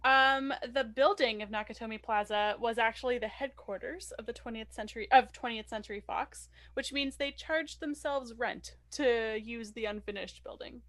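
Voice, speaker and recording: Young woman, higher pitch, podcast co-host, reads trivia with fillers, wry. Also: moderate pace, few pauses, fairly bright tone. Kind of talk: casual film chat, reading trivia.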